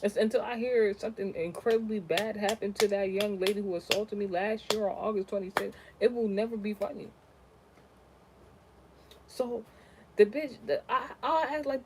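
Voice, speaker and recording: A woman's voice: moderate pace, slight background noise, low-quality recording. Profane, ranting young woman telling a story. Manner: profane, animated and ranting, swings from low mutters to loud outbursts. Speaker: content creator. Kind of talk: casual storytime vlog.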